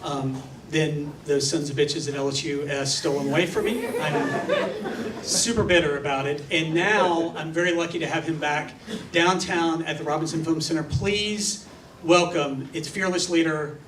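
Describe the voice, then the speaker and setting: A man's voice: fairly high pitch, normal speed, heavy background noise. A man hosting a live event as emcee, talking in a playful, teasing, self-deprecating way. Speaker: event host. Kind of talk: joking emcee speech. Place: large event hall. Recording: echoey hall mic from far off, crowd.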